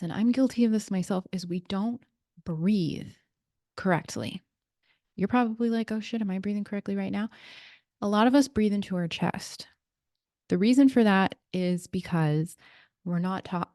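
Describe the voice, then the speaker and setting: A woman talks through her solo podcast in a relaxed, chatty way, explaining things with side comments and small laughs. Her voice sits a little low. The sound is dry and close to a computer mic. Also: no room sound. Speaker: podcast host and breathwork practitioner. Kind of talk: casual solo podcast talk.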